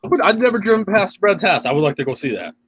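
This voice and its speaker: A man co-hosting a casual shop-talk podcast, joking and profane, with a husky voice. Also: sits high, sing-song, a bit bright, dull audio. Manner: joking, profane, drawn-out slow remarks. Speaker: podcast co-host. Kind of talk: casual chat.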